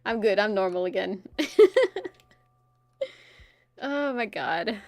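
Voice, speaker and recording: A young woman streamer chatting casually and telling a personal story, animated, swearing often and laughing between phrases. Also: mid-range voice, slow, creaky, no room sound.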